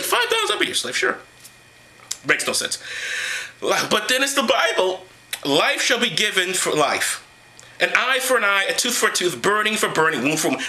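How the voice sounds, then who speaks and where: A man's voice: high voice, pushed and bright. A man reading Bible passages aloud and mocking them with profane, sarcastic rants. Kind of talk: sarcastic comedic Bible commentary.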